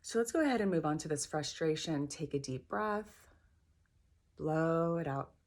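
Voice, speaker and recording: A middle-aged woman leading a guided tapping session, gentle and encouraging, repeating phrases slowly. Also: deep voice, animated. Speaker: tapping practitioner.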